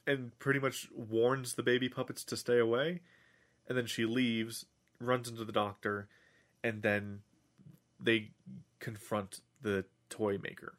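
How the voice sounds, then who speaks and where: A man's voice: on the low side, steady tone, measured pace, fairly bright tone. Rambling man recapping an episode. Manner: rambling, many restarts and fillers. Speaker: podcast host.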